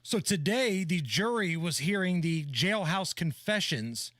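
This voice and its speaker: High-voiced male radio co-host. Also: lively intonation, measured pace, fairly bright tone, dry recording, studio quality. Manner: methodical, reads details in order. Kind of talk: news rundown on talk radio. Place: radio studio. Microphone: studio microphone.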